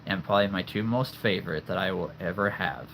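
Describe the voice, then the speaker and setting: In a home room full of toy figures, a streamer in his thirties shows off his collection, chatting loosely and often laughing at his own expense. He speaks briskly in a low-pitched, somewhat bright voice, with a little hiss or hum in the background.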